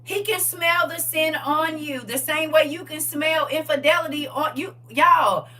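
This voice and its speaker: A woman hosting a livestream, talking in a casual, preachy, comic way, animated, laughing and teasing. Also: sits high, measured pace, distant mic. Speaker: livestream host.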